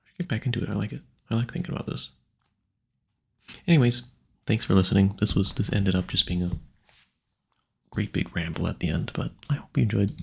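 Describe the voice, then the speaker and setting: A man with a very low, gravelly voice talks casually into a home mic. His tone is husky and a little rough. He muses aloud and trips over hard words as he tries them out. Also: brisk, pauses often. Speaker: audio creator. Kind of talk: rambling casual talk.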